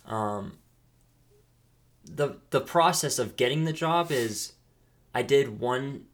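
A man's voice: mid-range voice, slow pace. A young man hosting a podcast, chatting casually and rambling with frequent restarts. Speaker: podcast host. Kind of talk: casual chat.

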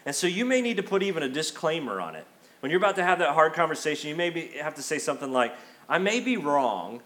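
A man's voice: a little high, sing-song, racing, fairly bright tone. A middle-aged man preaching a sermon as a pastor, conversational and emphatic, acting out quotes in the middle of his points. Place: church sanctuary.

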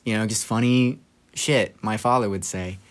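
A young man on a podcast, casually telling dark childhood stories with laughter and quoting people in put-on voices. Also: fairly low pitch, steady tone, normal speed. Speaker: podcast co-host. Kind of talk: casual storytelling chat.

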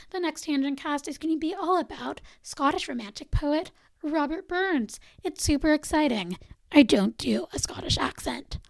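A woman's voice: high voice, creaky, darkish tone, dry recording, rough recording. A woman podcast host reading a poem aloud with dramatic flair, then giving a chatty, upbeat sign-off. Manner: dramatic recitation, dropping to whispers on some lines. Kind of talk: poetry reading and podcast outro.

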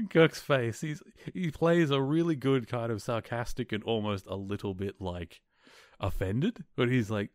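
A man hosting a podcast, retelling a story in a casual, animated way and chuckling along. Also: mid-range voice, a little slow, no echo, studio quality. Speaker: podcast host. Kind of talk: casual episode recap.

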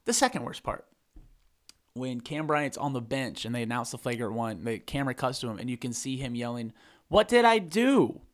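A young man co-hosting a casual sports podcast, talking in an animated, rambling way with jokes and swearing. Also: mid-range voice, brisk. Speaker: podcast co-host.

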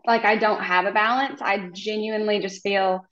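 A woman's voice: medium pitch, fairly even intonation, moderate pace, fairly bright tone, roomy sound, dull audio. A woman from Oklahoma, a hairstylist guesting on a podcast, talking in a friendly, rambling way with many ums. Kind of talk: casual podcast interview.

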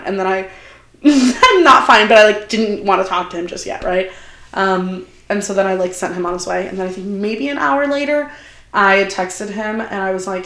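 A young woman talks in an easy, chatty way, lacing her story with fillers and acted-out quotes. Her voice sits at an ordinary pitch. The recording carries a noticeable room echo. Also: brisk. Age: young adult. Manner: animated, chatty, many fillers and quoted asides. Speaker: podcast guest. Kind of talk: casual storytelling chat. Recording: roomy echo.

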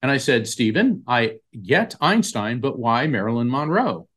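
A man in an interview spins a long anecdote. His voice sits at a middle pitch, and he brings quoted people to life as he goes. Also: moderate pace. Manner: animated storyteller acting out quoted voices. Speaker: psychic medium guest. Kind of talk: storytelling in an interview.

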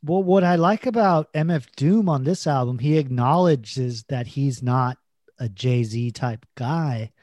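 A man's voice: mid-range voice, measured pace, a little mellow, no echo. A man co-hosting a podcast in casual chat, laid-back, swearing and laughing as he tells stories, full of "like" and "you know". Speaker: podcast co-host.

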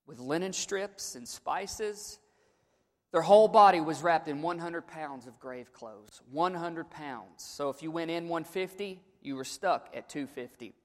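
A man with a high voice preaches in a church sanctuary, and his words ring out with long hall reverb. He moves between hushed storytelling and joking asides, then builds to loud, dramatic shouts. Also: a little slow. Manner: humorous asides. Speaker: pastor. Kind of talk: Easter sermon.

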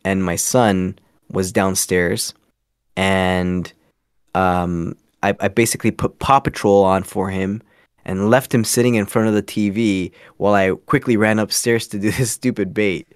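A man's voice: sits low, fairly even intonation, unhurried, smooth, no echo, clean studio sound. A young man from Canada, a guest telling a story casually with many restarts and fillers. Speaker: guest, scambaiter.

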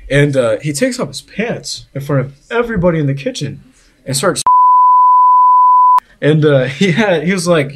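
A man's voice: a little high, expressive, normal speed, background noise. A young man in casual podcast chat, telling a long story full of fillers and restarts. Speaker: podcast host.

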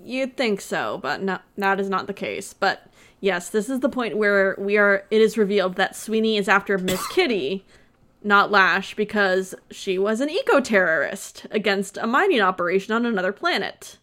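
A woman's voice: medium pitch, lively intonation, normal speed, a bit bright. A woman co-hosting a podcast, retelling a movie plot in casual chat with sarcasm and frequent laughter. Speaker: podcast co-host.

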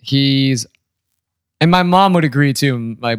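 A young man on a podcast, telling family stories in an animated, laughing casual chat. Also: mid-range voice, measured pace, clean tone, no echo, studio quality. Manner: animated storytelling, quotes family in put-on voices, laughs often. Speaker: podcast co-host.

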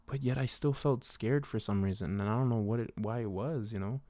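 A young man telling a personal faith story in a casual, rambling way, with many fillers and a soft, reflective delivery. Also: medium pitch, a little fast, few pauses, dry recording. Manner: rambling, full of "you know" and "like". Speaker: vlogger sharing a faith testimony.

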